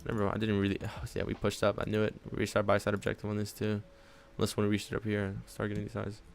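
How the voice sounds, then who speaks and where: A day-trading live streamer with a low, gravelly male voice gives casual commentary at a quick pace and with a completely flat delivery. He rambles and thinks aloud, dropping "honestly" and "man," while sitting at his home trading desk with his dog on his lap.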